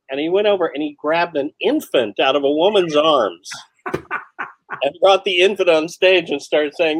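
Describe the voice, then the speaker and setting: A man chatting as a guest, recalling stories in a halting, hesitant way. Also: fairly high pitch. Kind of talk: casual chat.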